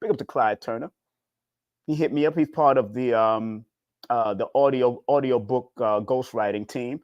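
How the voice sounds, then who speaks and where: A man giving a casual spiritual talk as a numerology teacher, preachy and repetitive, swinging his pitch up and down. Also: moderate pace, darkish tone, clear, resonant tone, no room sound, muffled recording.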